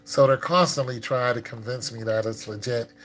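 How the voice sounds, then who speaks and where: A man's voice: medium pitch, moderate pace. A man on a livestream, casually commenting on scam messages and chatting with viewers in a loose, filler-heavy way. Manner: loose and conversational, lots of fillers; gets loud and excited chatting with viewers. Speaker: streamer.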